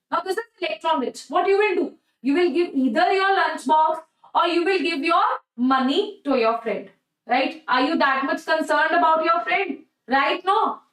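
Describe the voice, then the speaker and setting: A woman's voice: high voice, a bit bright, roomy sound, recorded from a distance, rough recording. A woman with an Indian English accent teaching a chemistry exam-prep lecture, repeating herself and asking "okay? right?" often. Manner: repetitive, coaxing, checks "okay? right?" often.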